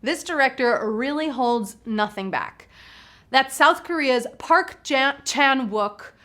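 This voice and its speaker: A woman's voice: high-pitched, lively intonation, slow pace, a bit bright. A woman hosting a live trivia game show, exuberant and playful, joking with the players as she reads out questions and answers.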